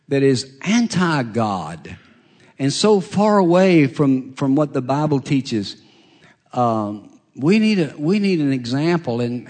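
Middle-aged guy preaching, chatty and loose, voice rising and dropping a lot, stops and starts. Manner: conversational preaching with pauses and restarts, lively swings in pitch. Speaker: pastor. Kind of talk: sermon.

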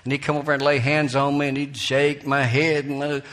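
Folksy preacher telling a story. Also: male voice, on the high side, level tone, brisk, slight background noise. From Alabama, US. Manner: storytelling, folksy, with soft laughs and sudden preacherly lifts. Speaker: pastor. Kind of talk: sermon. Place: church.

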